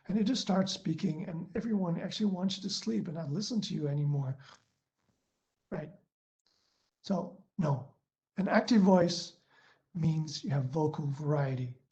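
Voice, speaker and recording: A man's voice: on the high side, a little mellow. A man giving a presentation on a webinar, talking into his laptop's built-in mic, full of ums, uhs and restarts. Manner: hesitant, many fillers and restarts. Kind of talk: online presentation talk. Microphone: laptop built-in mic on a video call. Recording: dull lo-fi video-call audio.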